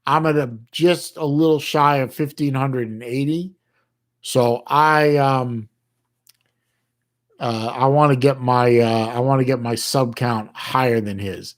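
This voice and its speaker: A middle-aged US livestream host with a medium-pitched, steady tone talks casually with his chat as he reads it. His delivery halts with frequent restarts and plenty of folksy slang.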